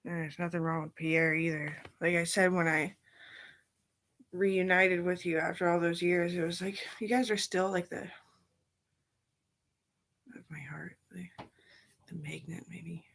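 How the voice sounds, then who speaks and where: A woman's voice: fairly low pitch, steady tone, a little slow, vocal fry, long pauses, a bit bright. A woman talking in a loose, drifting casual monologue, often sinking into a whisper.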